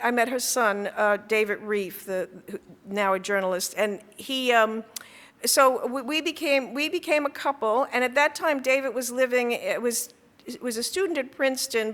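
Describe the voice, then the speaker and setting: A woman author recalls her path in a halting, conversational way, doubling back on her words. Her voice is bright and sits somewhat high. A long hall reverb trails each phrase. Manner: halting, many restarts and fillers. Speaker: author speaking at an event. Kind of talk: talk.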